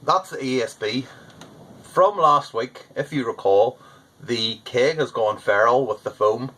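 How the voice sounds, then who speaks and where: A man's voice: medium pitch, unhurried, fairly bright tone, poor audio. A man chatting casually through a home-brewing vlog, rambling and poking fun at himself. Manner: chatty, rambling, self-deprecating. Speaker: homebrewer.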